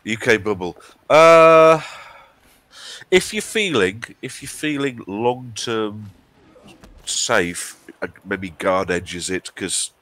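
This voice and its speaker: A man's voice: lowish voice, animated, slow, a bit bright, no echo. A man from England with a cold, co-hosting a live stream in casual, jokey banter. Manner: chatty, banter with jokey asides. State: has a cold. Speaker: stream co-host.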